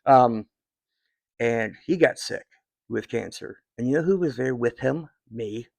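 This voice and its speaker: A man's voice: medium pitch, lively intonation, normal speed, gravelly, a little mellow, dry recording. A man in his fifties talking to his viewers in a rambling, heartfelt way, with many fillers and restarts. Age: 50s. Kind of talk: casual personal talk to viewers.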